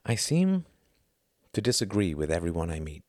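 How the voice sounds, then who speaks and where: A man's voice: low voice, wildly swooping pitch, normal speed, darkish tone, no echo, clean studio sound. A man doing a brooding, troubled young man.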